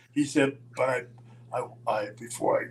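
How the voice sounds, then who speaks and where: A man's voice: mid-range voice, takes it slowly, gravelly, rough recording. Older man telling road stories, faint hum. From Minnesota. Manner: animated storyteller, acts out quoted voices, chuckles. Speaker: storyteller guest. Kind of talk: casual anecdote telling.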